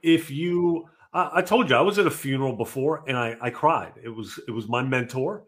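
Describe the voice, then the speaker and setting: A man co-hosting a casual podcast chat, talking in a lively, opinionated way and often acting out the people he quotes. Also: mid-range voice, normal speed. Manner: animated, acts out quoted voices. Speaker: podcast co-host.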